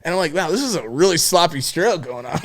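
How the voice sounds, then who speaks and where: A man's voice: a little high, expressive, fairly quick, a bit bright. A young man hosting a podcast, telling a crude story in a casual, rambling way with lots of swearing and fillers. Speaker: podcast host.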